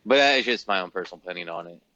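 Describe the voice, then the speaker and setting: A man's voice: low voice, lively intonation, rapid-fire, pushed and bright, no echo. A man co-hosting a podcast, chatting casually and offering opinions and prices. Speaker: podcast co-host. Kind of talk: casual chat about collectible cards. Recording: slightly dull, lo-fi sound.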